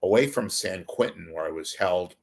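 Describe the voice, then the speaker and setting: This older livestream host has a low, creaky, slightly rough voice and speaks at a moderate pace. He rambles through casual chat, poking fun at himself.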